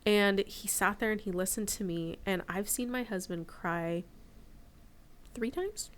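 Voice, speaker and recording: A woman's voice: medium pitch, lively intonation, a little slow, noisy background. Candid woman in her forties, reflective. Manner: candid, reflective personal storytelling. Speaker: podcast guest. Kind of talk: casual podcast chat.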